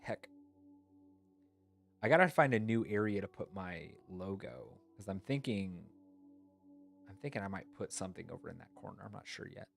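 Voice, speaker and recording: A man's voice: deep voice, expressive, normal speed, creaky, pauses often, soft background music. A man streamer chatting casually and rambling, thinking aloud with fillers, sleepy. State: yawning, sleepy. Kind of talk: casual chat.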